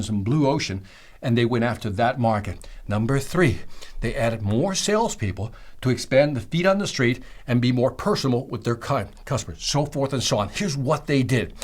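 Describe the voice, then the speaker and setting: Animated man teaching a sales seminar. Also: medium pitch. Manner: animated, excitable, emphatic, talks to the listener directly. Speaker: sales trainer.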